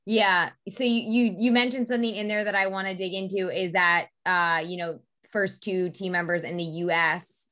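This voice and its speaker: A woman's voice: mid-range voice, steady tone, normal speed, bright, forceful tone. A woman hosting an interview, upbeat and chatty as she asks questions. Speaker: podcast host. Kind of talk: interview host chat.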